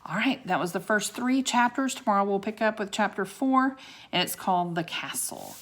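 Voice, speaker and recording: Expressive woman reading a storybook aloud. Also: medium pitch, moderate pace. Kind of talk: reading a children's chapter book aloud.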